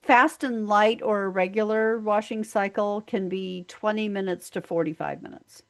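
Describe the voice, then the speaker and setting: A woman co-hosting a podcast, chiming in with corrections and quick agreement while recapping an episode. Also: medium pitch, fairly even intonation. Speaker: podcast co-host. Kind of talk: casual chat recapping an episode.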